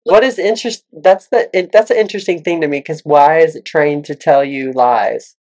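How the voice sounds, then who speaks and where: A woman vlogger in casual chat, telling a story animatedly, her voice climbing as she gets excited. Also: deep voice, normal speed.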